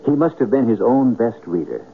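A man hosting a radio drama, closing the show with measured, reflective scripted narration. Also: medium pitch, big pitch swings, creaky. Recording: lo-fi old radio broadcast with faint hiss.

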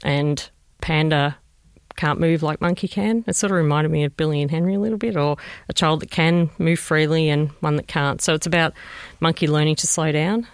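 Gravelly-voiced Australian mother, reflective. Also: sits low, moderate pace, dry recording, studio quality. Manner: reflective, gentle, re-enacts conversations. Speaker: bereaved mother telling her story. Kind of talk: personal recollection, interview.

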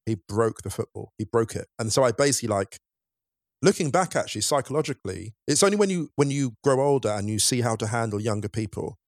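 A man's voice: lowish voice, quick pace, hardly any pauses, no room sound, studio quality. A man chatting on a podcast, telling his own story in a candid, emphatic way. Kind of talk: casual chat.

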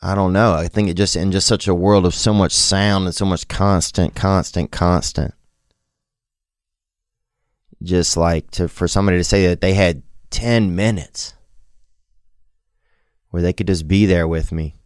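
A man speaking in a candid, rambling personal monologue, halting and vulnerable, with casual profane slang. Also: sits low, fairly even intonation, smooth, no echo, studio quality.

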